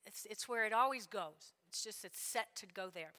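A woman preaching a sermon in a church, animated and repetitive, often checking in with her listeners. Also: mid-range voice, moderate pace. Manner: animated, repeats lines, checks in with "all right?". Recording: long hall reverb.

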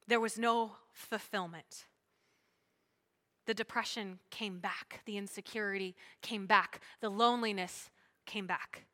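A woman pastor preaching a sermon, swinging between loud emphatic lines and hushed asides. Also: medium pitch, fairly even intonation, a little slow.

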